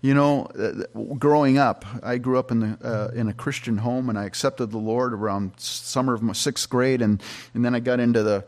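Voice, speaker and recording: A man's voice: mid-range voice, fairly even intonation, normal speed, darkish tone. A middle-aged man, a pastor, giving a conversational Bible-teaching sermon with frequent restarts and fillers.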